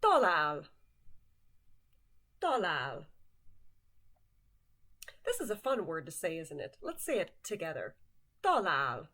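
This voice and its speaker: A woman's voice: deep voice, huge pitch swings, fairly quick, few pauses, slightly rough. A woman teaching basic vocabulary word by word, patiently asking the listener to repeat each one after her. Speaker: language teacher. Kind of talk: slow vocabulary lesson with repetition.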